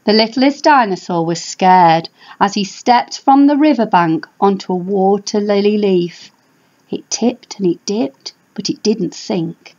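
A woman reading a picture book aloud for primary school children, animated and drawing out key words. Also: mid-range voice. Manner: animated, drawn-out emphasis. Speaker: storybook reader for a primary school. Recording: dull lo-fi home recording.

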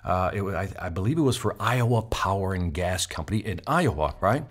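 A middle-aged man tells a personal sales story with plenty of energy, acting out what people said along the way. His voice sits a little low. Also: fairly quick. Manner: animated storyteller acting out quotes. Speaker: sales speaker. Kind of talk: storytelling talk.

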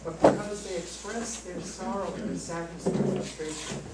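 A man's voice: high-pitched, moderate pace. A man, a priest, giving a talk to a parish group and answering questions, telling stories with jokes. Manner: animated storyteller, joking. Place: parish hall with audience. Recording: roomy, distant, noisy hall recording.

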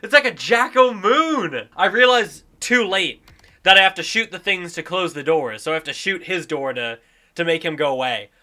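A young man giving excited let's-play commentary, exclaiming and talking to himself while he plays a video game. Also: a little high, normal speed. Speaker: gaming YouTuber.

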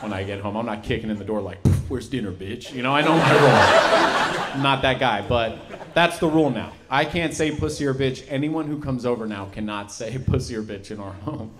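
A young man performing a stand-up set, animated and leaping into high excited voices for the people in his stories. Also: fairly quick, very noisy. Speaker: stand-up comedian. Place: comedy venue. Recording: loud laughing crowd.

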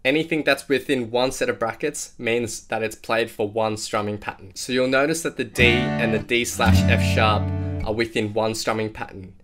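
A man's voice: medium pitch, steady tone, moderate pace. A man giving a step-by-step guitar lesson, explaining chord shapes and counting out strumming patterns beat by beat. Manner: clear step-by-step instruction, counting beats aloud. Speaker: guitar teacher. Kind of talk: guitar tutorial. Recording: loud acoustic guitar under the voice. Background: acoustic guitar playing.

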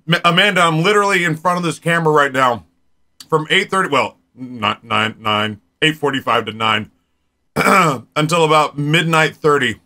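Streamer, forties, male: rambling casual chat, bright tone, a bit higher voice. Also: animated, moderate pace. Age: 40s. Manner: rambling, chatty, talks straight to viewers.

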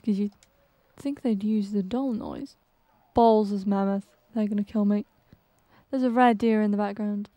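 A young woman giving casual gameplay commentary, excitable and jumpy, with frequent exclamations and gasps. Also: a little high, no room sound. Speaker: gaming channel host.

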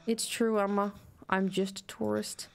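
A woman's voice: mid-range voice, little pitch movement, measured pace, gravelly, smooth, soft background music. A woman reading aloud a guilt-ridden adult son in a game, in a hesitant, apologetic way. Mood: remorseful.

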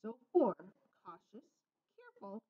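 Expressive woman reading a picture book. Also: mid-range voice, unhurried, slightly rough. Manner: expressive, singsong storytelling. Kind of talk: read-aloud picture book narration. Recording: slightly muffled lo-fi recording.

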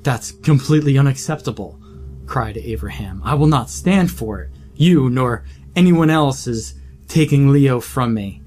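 A man's voice: medium pitch, expressive, a little slow, a little mellow, a little hiss or hum, close to an everyday voice. A man voicing a passionate, idealistic male scientist in an audiobook horror story, speaking earnestly. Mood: defiant. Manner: earnest and pleading.

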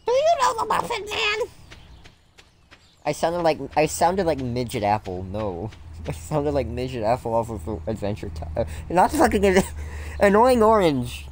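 A young woman streaming a game, chatting casually and excitably and swearing often. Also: extremely low pitch, normal speed, slight background noise. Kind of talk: casual gaming stream chat.

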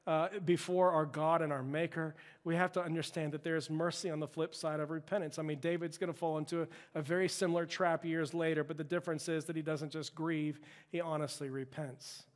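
A male pastor preaching a sermon with impassioned, emphatic delivery, building to loud peaks. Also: a little high. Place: church sanctuary. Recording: long church-hall reverb.

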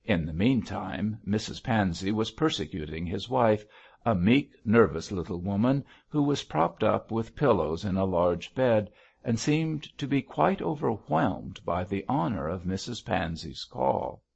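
Guy reading an old novel aloud, lively intonation, muffled lo-fi audio. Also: on the low side, a little slow, gravelly, husky. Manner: steady storytelling reading. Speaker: audiobook narrator. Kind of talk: scripted narration.

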